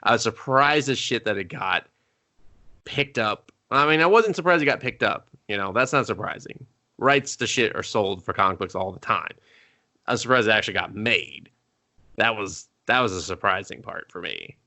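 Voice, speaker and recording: Male podcast co-host, sharp and bright, riffs sarcastically through plot recaps. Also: lowish voice, animated. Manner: sarcastic, profane, acts out scenes in quick mock voices. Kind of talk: casual movie review chat.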